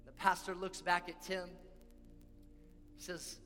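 A man's voice: high-pitched, flat delivery, slow, bright, forceful tone. A man preaching a sermon as pastor, earnest and repeating key lines for emphasis. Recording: long hall reverb with faint music.

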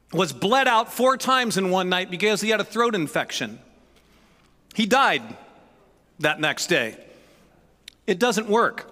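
Bright-voiced, jokey male pastor. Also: sits high, big-room sound. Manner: jokey, animated, storytelling. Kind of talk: sermon with storytelling. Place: church sanctuary.

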